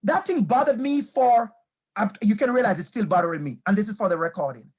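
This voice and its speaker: A man's voice: sits high, lively intonation, fairly quick, breathy edge. A man giving a motivational talk to teachers, weaving in personal stories, emphatic and repeating key phrases, asking questions and speaking straight to his audience.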